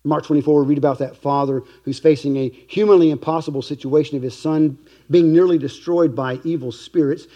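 A pastor delivers his sermon in an earnest, heartfelt way, leaning hard on key phrases and now and then dropping almost to a whisper. His voice sits a little high for a man. Its tone is soft and mellow rather than bright. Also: steady tone, muffled recording. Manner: earnest preaching, slow emphatic stresses, softening to a hush at times.

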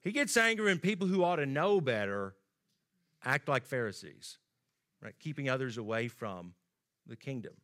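A man's voice: mid-range voice, expressive, moderate pace, sharp tone. A man preaching a sermon in a conversational way, acting out the quoted lines with rising emphasis.

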